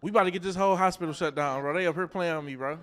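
A man streaming a game role-play, talking in a pushy, insistent way that sometimes drops to a low pleading tone. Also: rapid-fire, fairly bright tone. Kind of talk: casual role-play banter.

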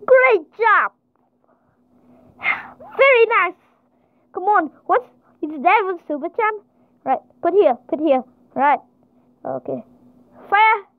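Woman gamer, very high voice, slow halting delivery, panicky exclamations, tinny phone-like dry sound. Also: dry recording. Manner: excitable, frequent panicked exclamations. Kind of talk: panicked gameplay commentary.

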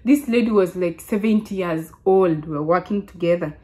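A Kenyan woman in her twenties telling a casual story to her vlog audience, chatty and animated, often restarting her sentences. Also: lowish voice, normal speed. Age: 20s. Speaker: vlogger.

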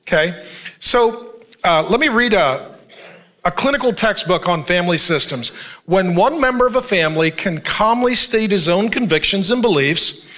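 A man preaching a sermon as pastor, reading scripture slowly and then talking it over in a joking, conversational way that draws the crowd in with "Amen?". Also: high-pitched. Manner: reads scripture at a slow, even pace.

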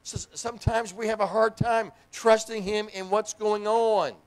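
A man's voice: high voice, steady tone, a little slow. A middle-aged man preaching a sermon in a church, telling his own story and acting out the voices of the people he quotes. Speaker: pastor and hospital chaplain. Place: church sanctuary.

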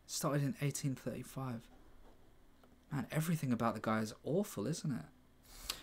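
A man's voice: mid-range voice, moderate pace. Sarcastic man muttering while reading aloud. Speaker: writer. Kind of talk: casual thinking aloud while writing.

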